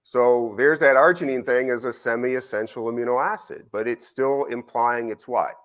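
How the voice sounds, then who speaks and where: A man's voice: mid-range voice, normal speed. A middle-aged man, a university researcher, giving a conversational conference lecture with stories and frequent "right?" checks to the audience. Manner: animated, conversational, frequent "right?" tag questions. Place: conference symposium.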